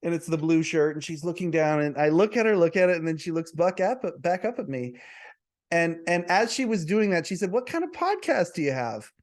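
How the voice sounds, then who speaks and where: A man's voice: a little high, brisk. A man who hosts a podcast, telling a personal story to camera in a chatty way, often repeating words and restarting. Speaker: podcast host.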